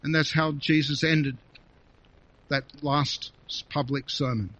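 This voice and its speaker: Bright-voiced preacher, lo-fi recording. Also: male voice, on the high side, takes it slowly. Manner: expressive, reading scripture aloud with feeling. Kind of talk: sermon. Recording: dull lo-fi recording.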